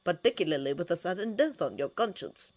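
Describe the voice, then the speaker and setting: A woman reading a fanfiction story, voicing a smooth-talking older male ruler who is patient and condescending. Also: fairly low pitch, lively intonation, brisk, a little mellow. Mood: coaxing.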